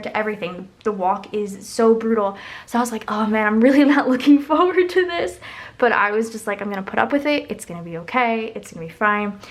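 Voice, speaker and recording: Young woman, casual rambling planner vlog, slightly high voice, lots of fillers. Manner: chatty, rambling storytelling, lots of "like". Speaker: planner vlogger. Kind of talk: casual chat while decorating a planner.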